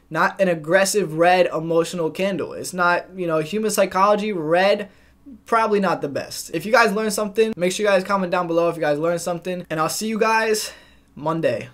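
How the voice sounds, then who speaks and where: A man's voice: sits high, fairly quick. A young man directly coaching viewers on trading discipline, talking to the camera in a plain, instructive way. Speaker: trading educator. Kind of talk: scripted narration.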